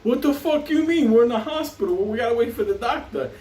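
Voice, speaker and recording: A man doing the voice of a panicked grown man in a hospital, with high, alarmed outbursts. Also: lively intonation, fast talker, a little mellow. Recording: roomy, distant, faint hiss.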